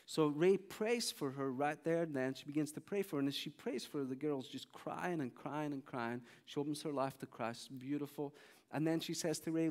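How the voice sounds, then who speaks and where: A man with a fairly high voice preaches briskly in a large church hall, his words trailing off in a long reverb tail. He tells stories throughout the sermon, animatedly acting out the quoted speech of the people in them.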